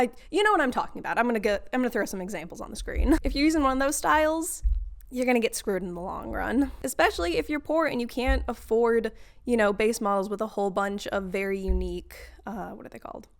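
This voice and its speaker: Animated, sarcastic woman ranting. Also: on the high side. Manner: animated and sarcastic, laughs often. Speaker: vlogger. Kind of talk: casual ranting monologue.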